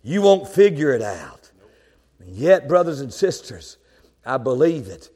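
A male preacher delivering a sermon, swinging between quiet, conversational asides and loud, shouted proclamations. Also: medium pitch, big pitch swings, measured pace, in a large hall.

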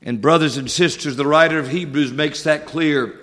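A man delivers a sermon with a high-pitched voice, measured and deliberate, drawing out key words for emphasis. His voice carries a long reverb from a church sanctuary. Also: fairly bright tone. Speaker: pastor.

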